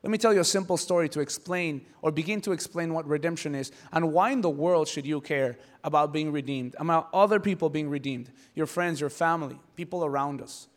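A male pastor preaching a conversational sermon, animated and humorous, acting out dialogue as he goes. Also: a little high, fairly quick, hardly any pauses.

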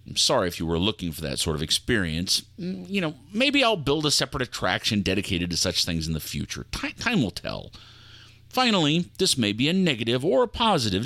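A man hosting an audio fiction show with low, theatrical showman narration, recorded close and dry. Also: vocal fry, sharp tone, no echo. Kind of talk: theatrical spooky host narration.

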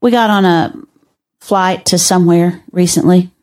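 An older woman, a guest on a podcast, telling stories in a measured, wry way. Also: lowish voice, steady tone, darkish tone. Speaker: podcast guest, teacher and author. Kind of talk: conversational storytelling.

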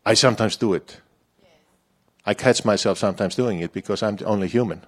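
A man's voice: fairly low pitch, brisk. Man preaching a conversational sermon. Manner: conversational, personal, self-deprecating preaching. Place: church.

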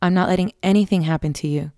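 A woman's voice: on the low side, steady tone, fast, warm tone, no echo, clean studio sound, natural voice. A woman voicing a young woman who earnestly pleads to protect her younger sister. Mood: pleading.

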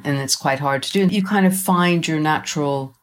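A middle-aged woman with a low voice speaks as a guest author. She talks in a thoughtful, reflective way, pausing with fillers. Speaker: children's author, interview guest. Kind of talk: casual interview chat.

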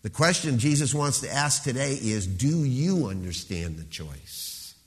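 A man's voice: medium pitch, animated, measured pace. Male pastor, emphatic preacher leaning on key words, recorded in a church hall with a long echo. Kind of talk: sermon.

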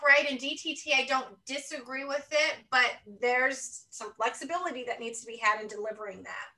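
Bright, earnest woman, slightly off-mic. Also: high-pitched, moderate pace, distant mic, poor audio. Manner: earnest, thinks aloud, often checks in with "right?". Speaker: podcast guest. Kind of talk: reflective conversational interview talk.

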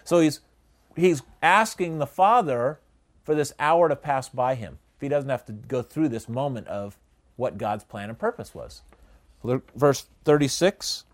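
A man teaching a Bible study in a conversational way, often asking the listeners questions and pausing on "uh". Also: mid-range voice. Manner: conversational, asks the audience questions, frequent uh fillers.

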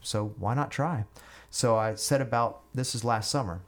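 A man's voice: mid-range voice, normal speed, fairly bright tone. A middle-aged male musician, a podcast guest, telling stories in a chatty way, often repeating words and acting out conversations. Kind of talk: storytelling in a podcast interview.

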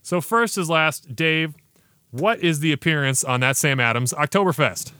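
Upbeat man hosting a beer podcast, a touch high and very bright, dry close mic. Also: normal speed, smooth, no echo. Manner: enthusiastic, slangy banter. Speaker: podcast host. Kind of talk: casual beer review chat.

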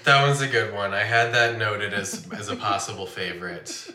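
A young man co-hosting a podcast, speaking in a dry, critical way. His voice sits fairly low but sounds bright and sharp. It rings in an echoey room. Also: fairly even intonation, normal speed. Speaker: podcast co-host. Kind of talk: casual chat.

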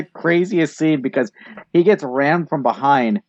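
A man's voice: fairly high pitch, measured pace, no room sound. A man co-hosting a podcast, chatting about a movie with joking asides. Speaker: podcast co-host. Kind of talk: casual movie-review chat. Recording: dull, dry lo-fi recording.

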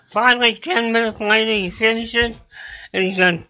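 A man's voice: high-pitched, lively intonation, gravelly, sharp tone, dull audio. A man, a guest comedian, telling long jokes in a studio chat and dropping into character voices for the punchlines. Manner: drawn-out joke delivery with character voices. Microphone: studio microphone.

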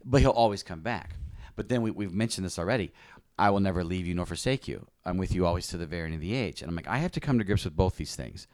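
Pastor, male, lowish voice, earnest confessional testimony, dry close sound. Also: animated, quick pace, darkish tone, dry recording. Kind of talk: personal testimony in conversation.

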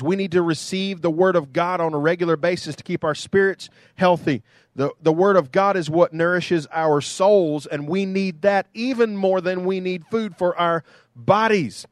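Pastor guy preaching, kinda high voice, chatty and jokey, dry close sound. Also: no room sound. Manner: conversational, playful asides. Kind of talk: sermon.

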